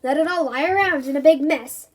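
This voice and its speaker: A woman's voice: sits high, a little fast, lightly acted. A woman voicing an eager, fussy filing monster while reading a children's book aloud. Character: eager filing monster who loves letters.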